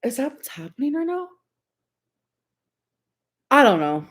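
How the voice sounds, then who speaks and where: A woman's voice: high voice, sing-song, measured pace. A young woman chatting casually on a livestream, rambling and giggling, full of "like" and "um".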